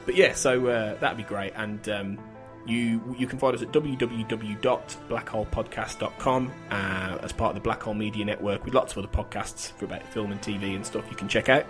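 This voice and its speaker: A man's voice: on the low side, fairly even intonation, fairly quick, few pauses, music in the background. A man hosting a podcast, running a quiz in casual chat and laughing often. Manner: giggly, chatty quizmaster. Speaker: podcast host.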